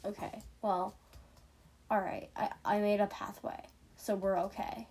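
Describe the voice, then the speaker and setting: A teenage girl talks her way through a video game in a loose, chatty stream of commentary. Her voice has a soft, breathy, slightly husky edge. She giggles often and pokes fun at her own mistakes. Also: medium pitch, level tone, measured pace. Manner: chatty, giggly, self-mocking. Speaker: gaming streamer. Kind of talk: casual gameplay commentary.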